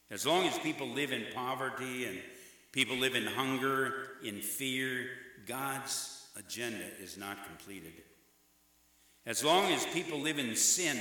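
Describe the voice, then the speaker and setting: A man's voice: lowish voice, sharp tone. A middle-aged man preaching a sermon, emphatic and rhythmic, repeating phrases for weight. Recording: echoey hall with long reverb.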